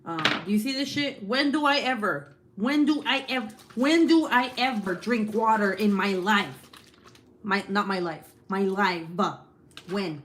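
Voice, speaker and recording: Loud, profane woman chatting on a live stream. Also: mid-range voice, unhurried, a little hiss or hum. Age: 30s. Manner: loud and profane, laughing often. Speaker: host. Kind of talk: casual live-stream chat.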